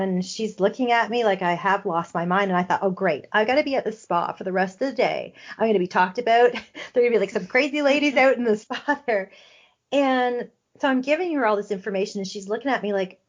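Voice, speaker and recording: A middle-aged woman tells her story candidly, voicing her own thoughts as she goes. Her voice sits at a middle pitch, and the podcast audio is slightly dull and lo-fi. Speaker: intuitive healer, podcast guest.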